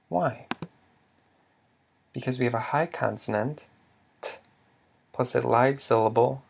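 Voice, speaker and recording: A man's voice: medium pitch, vocal fry, slight background noise. A man teaching a language lesson, patiently quizzing the listener and sounding out example words. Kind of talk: slow instructional explanation.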